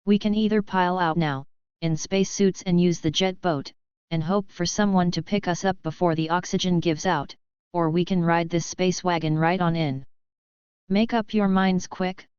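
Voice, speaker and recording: An earnest young space cadet, read by a woman narrator in a science-fiction audiobook. The voice is very clear and rather low, with urgent, determined delivery. The recording is dry and a bit dull. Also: steady tone, normal speed, darkish tone, no room sound, lightly acted.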